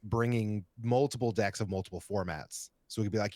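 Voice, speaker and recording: Very low-voiced easygoing man. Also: a little fast, few pauses, darkish tone, no room sound. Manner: easygoing, rambling with many "like" and "you know". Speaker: podcast co-host. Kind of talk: casual chat.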